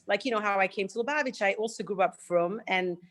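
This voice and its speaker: A woman's voice: mid-range voice, fast, fairly bright tone. A woman student sharing a personal story in a class over a video call, chatty and heartfelt with lots of "like".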